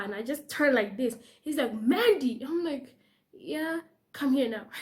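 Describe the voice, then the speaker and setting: A young woman with a South African accent tells a storytime vlog, her voice high and lively. She laughs often and acts out the people she quotes. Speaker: YouTuber.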